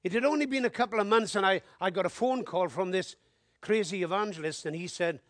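A man preaching a sermon, telling his testimony in an animated storytelling way and building to emphatic appeals. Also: high voice, a little fast, dry recording.

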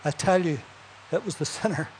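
A man's voice: fairly high pitch, moderate pace, darkish tone, a little hiss or hum. A man preaching a sermon, telling Bible stories and building to emphatic punchlines, with chuckles between points.

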